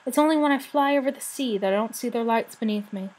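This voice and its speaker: A woman's voice: fairly high pitch, quick pace, darkish tone, lightly acted. A woman voicing a brash, mocking young male dragon in a storybook reading.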